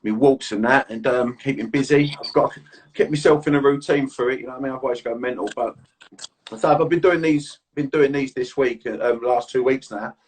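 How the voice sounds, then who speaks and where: A man hosting a relaxed chat, asking easy questions with a husky voice. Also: medium pitch, fairly quick, distant mic. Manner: laid-back, laughing, friendly questions. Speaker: host. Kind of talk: casual chat.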